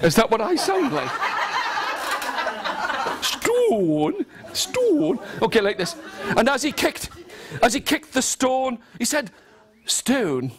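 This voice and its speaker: A man's voice: extremely high pitch, moderate pace, crowd noise. A man leading an interactive storytelling workshop for teachers, telling a folk tale in a theatrical way and getting the audience to join in with actions and repeated lines. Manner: animated and theatrical, leading the audience in call-and-response. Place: large room with a live audience.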